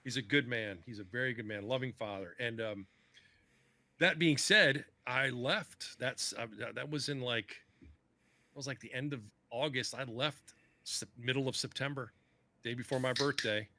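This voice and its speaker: A man's voice: mid-range voice, moderate pace, sharp tone, dry recording. A man, a podcast guest, telling stories in a casual chat, swearing freely and acting out what other people said. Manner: profane, acts out other people's lines.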